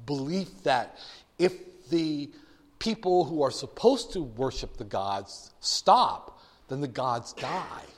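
A man giving a classroom lecture, telling animated, joking stories to make his point. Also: medium pitch. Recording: long reverb of a lecture hall.

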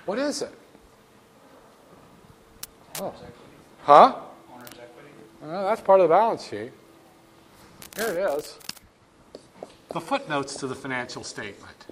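Guy with a pretty high voice teaching a finance class, dry jokes, chatty asides. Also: big pitch swings, unhurried, long pauses, a bit bright, a little hiss or hum. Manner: wry, storytelling, with asides to the class. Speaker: finance lecturer. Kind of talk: classroom lecture.

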